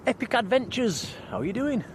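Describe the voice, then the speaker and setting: A man's voice: extremely high pitch, very animated, a little fast, slight background noise. A man hosting a live stream outdoors, chatting and thanking viewers by name. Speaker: livestream host. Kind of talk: live stream chat, reading comments. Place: outdoors at night near an airport.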